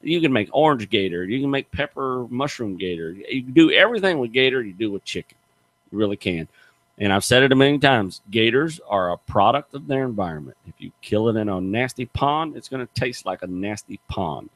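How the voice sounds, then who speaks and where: Middle-aged male radio host, animated folksy storyteller, very expressive pitch, dry close sound. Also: brisk, no room sound. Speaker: radio show host, gator hunter. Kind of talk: casual radio chat, storytelling.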